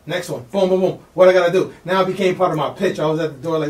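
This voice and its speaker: Fast-talking New man telling a story. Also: on the high side, echoey room, far from the mic. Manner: excited, slangy, acts out the people in his story. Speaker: podcast guest. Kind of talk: animated storytelling.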